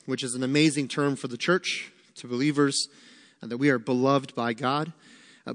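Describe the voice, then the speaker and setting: A man's voice: medium pitch, steady tone, moderate pace, fairly bright tone. Man preaching in a reverberant hall. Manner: conversational, emphatic teaching with repetition. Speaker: pastor. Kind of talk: sermon.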